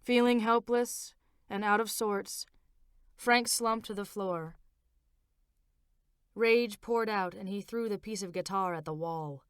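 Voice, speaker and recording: Woman author narrating her own novel, smooth clear voice, dry close recording. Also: mid-range voice, no echo. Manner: measured, expressive reading. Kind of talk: audiobook narration.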